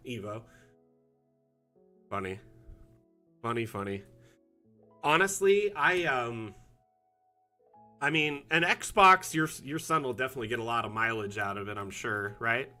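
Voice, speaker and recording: Middle-aged guy rambling on his stream, bright tone, faint music behind. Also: mid-range voice, measured pace, long pauses. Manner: chatty, many fillers and restarts. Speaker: community manager streaming a map build. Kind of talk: casual live-stream chat.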